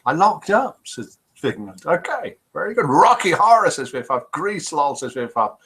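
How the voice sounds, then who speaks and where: A man's voice: fairly high pitch, very animated, normal speed, a bit bright, breathy edge, low-quality recording. An older man from the UK hosting a live show, chatty and jokey as he reads viewers' messages aloud. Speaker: host of a live interactive show. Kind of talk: live-stream chat reading viewer comments.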